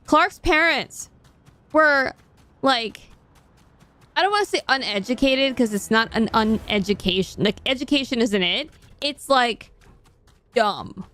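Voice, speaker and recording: A young woman chats while gaming, rambling and thinking out loud as she plays. Her voice sits a touch higher than most, easygoing and loose, with trailing thoughts. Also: animated, measured pace, pauses often. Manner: rambling, chatty, talking to herself. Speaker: game streamer. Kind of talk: casual chat while gaming.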